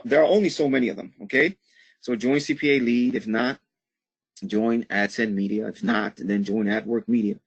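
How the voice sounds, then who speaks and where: Gravelly man who keeps saying "okay?". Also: mid-range voice, a bit bright. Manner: upbeat, says "okay?" after nearly every phrase. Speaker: online marketing instructor. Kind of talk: live webinar presentation.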